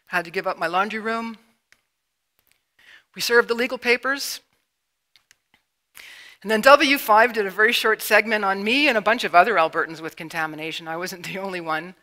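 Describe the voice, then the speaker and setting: A middle-aged woman from Canada giving a public lecture, emotional and halting with sudden emphatic bursts. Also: mid-range voice, pushed and bright. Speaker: public speaker. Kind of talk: lecture presentation with slides. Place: university lecture room.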